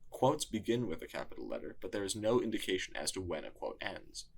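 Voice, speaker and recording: A man narrating a scripted language lesson in a measured teaching tone. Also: sits low, big pitch swings, creaky, slight background noise. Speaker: tutor.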